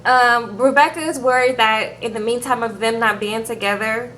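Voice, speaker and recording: Woman, casual vlog recap, sassy and chatty, bright tone, slightly high pitch. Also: steady tone, normal speed, slight background noise. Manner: chatty, sassy, calls viewers girl and y'all. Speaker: reality TV reviewer.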